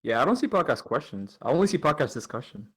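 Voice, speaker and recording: A young man co-hosting a casual podcast over an online call, reading out listener questions in a relaxed, joking manner with plenty of slang. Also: on the high side, quick pace, husky, poor audio. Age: young adult. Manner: laid-back, jokey, slangy. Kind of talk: casual chat.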